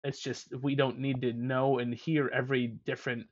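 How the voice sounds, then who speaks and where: A man's voice: mid-range voice, level tone, moderate pace, dry recording. A man co-hosting a podcast in casual chat, rambling in a loose, self-deprecating way. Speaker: podcast co-host. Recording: dull lo-fi dry recording.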